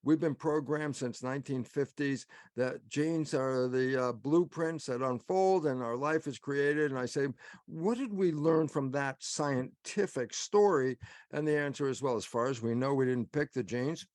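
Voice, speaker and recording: A man's voice: medium pitch, a little slow, a little mellow, no room sound, clean studio sound. A man giving an emphatic webinar talk, putting questions to himself and answering them. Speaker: guest speaker.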